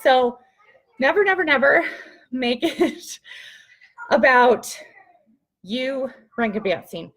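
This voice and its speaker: Young woman, casual live-stream team coach, upbeat, chatty, laughs a lot, fairly high voice. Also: animated, slow, pauses often, fairly bright tone. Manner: chatty, upbeat, laughs often, talks to viewers by name. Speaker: team leader giving a live training.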